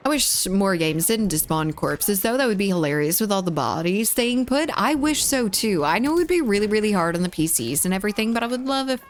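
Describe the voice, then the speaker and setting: A woman hosting a casual gaming live stream, her voice bouncing up and down in pitch as she talks. She giggles easily and keeps up a running chat with her viewers, reading their messages aloud and answering them. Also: expressive, brisk, hardly any pauses, slight background noise. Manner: giggly, reads chat aloud and chats back. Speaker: game streamer.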